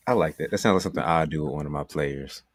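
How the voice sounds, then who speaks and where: Deep-voiced man hosting a podcast. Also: fast. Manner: casual, direct, slangy pitch to listeners. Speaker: podcast host. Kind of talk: podcast talk and self-promotion.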